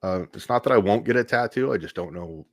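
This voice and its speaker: A man's voice: lowish voice, quick pace, dry recording, studio quality. A man talking as a podcast guest, telling stories in a rambling, self-deprecating way with frequent restarts. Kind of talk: casual interview storytelling.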